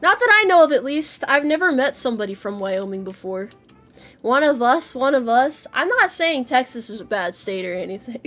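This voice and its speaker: A woman's voice: on the high side, very animated, brisk, few pauses, fairly bright tone. A woman streamer chatting casually with her viewers, playful, laughing often and swearing freely. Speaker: VTuber streamer.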